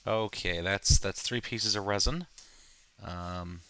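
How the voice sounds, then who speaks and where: Man, let's play host, lowish pitch, bright forceful tone, wry jokes. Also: slow pace, smooth. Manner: joking, self-deprecating asides. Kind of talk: casual gameplay commentary.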